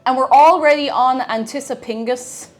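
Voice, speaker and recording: A woman's voice: high-pitched, moderate pace, faint music behind. A woman streaming live, chatting casually with viewers in a playful, giggly way, humming to herself now and then. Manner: chatty and playful, laughs often, hums to herself.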